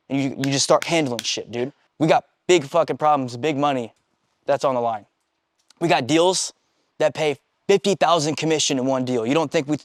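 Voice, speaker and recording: A man's voice: mid-range voice, no room sound. Blunt, profane man giving a motivational sales talk, dry recording. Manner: blunt, swears constantly, acts out quoted dialogue. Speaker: sales trainer. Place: meeting room with a small group.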